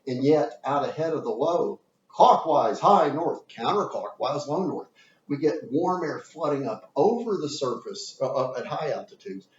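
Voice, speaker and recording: A man's voice: mid-range voice, lively intonation, measured pace. Male lecturer, casual rambling classroom delivery; distant, roomy, muffled recording. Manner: rambling, chatty, with fillers while drawing on a board. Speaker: meteorology teacher. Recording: roomy, distant, dull audio with faint hiss.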